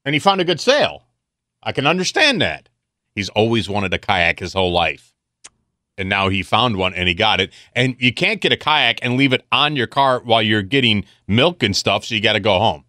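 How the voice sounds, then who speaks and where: A man's voice: fairly low pitch, very animated, normal speed, sharp tone, no room sound. A man co-hosting a radio talk show, trading dry, teasing banter. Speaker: radio co-host. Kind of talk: casual radio chat.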